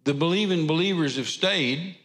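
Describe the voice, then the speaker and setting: A man's voice: on the high side, normal speed, fairly bright tone, long reverb tail. A man, preaching an informal, rambling sermon in a church and repeating phrases for emphasis. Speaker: traveling preacher. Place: church sanctuary.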